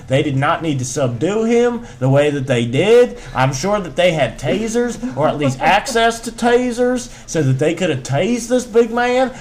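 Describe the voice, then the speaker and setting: A man co-hosting a podcast, ranting in casual chat while hamming up a put-on Southern twang, riffing and repeating himself with some profanity. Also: high-pitched. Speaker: podcast co-host.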